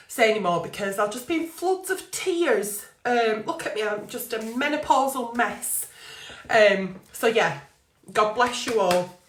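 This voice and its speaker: A woman's voice: mid-range voice, a bit bright, roomy sound. A middle-aged woman hosting a live stream from home, talking casually and emotionally with many fillers.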